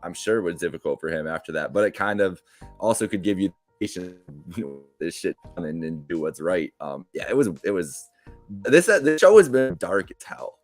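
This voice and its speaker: A man co-hosting a podcast, rambling and thinking out loud in casual chat. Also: low-pitched, lively intonation, fairly quick, soft background music. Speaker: podcast co-host.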